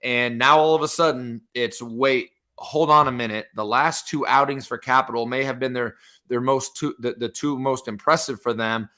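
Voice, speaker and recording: A man co-hosting a podcast, giving an excited, casual game-by-game breakdown in sports chat. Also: medium pitch, moderate pace. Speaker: podcast co-host.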